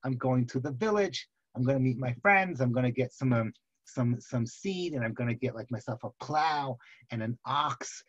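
A man's voice: medium pitch, dry recording, highs cut off, voice pushed down, close to an everyday voice. A man voicing a hesitant young husband who stammers and halts as he explains himself. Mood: sheepish. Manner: hesitant, halting, mumbled.

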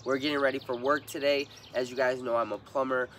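Hoarse man coaching a morning stretch. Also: medium pitch, level tone, fast, a bit bright, slight background noise. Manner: upbeat coaching, repeats cues. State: hoarse from a cold. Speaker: fitness vlogger leading a stretch routine. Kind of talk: casual workout instruction. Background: music.

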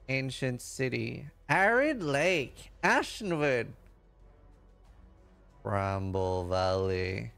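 A man streaming live, reading game patch notes aloud quickly and breaking into loud, excited reactions. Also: fairly high pitch, gravelly. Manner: reads lines quickly, then reacts with loud excited outbursts.

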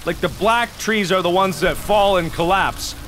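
A young man in his twenties commentating a horror game playthrough, shouting in frustration and ranting between panicked outbursts. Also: sits high, moderate pace, a little hiss or hum. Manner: loud frantic shouting and exasperated ranting. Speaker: gaming video host.

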